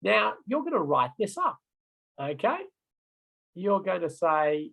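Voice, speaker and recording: A man's voice: high-pitched, big pitch swings, slow, vocal fry, long pauses, a bit bright, low-quality recording. A middle-aged man giving an online road safety training lecture, chatty, often checking in with "right?" and "okay?".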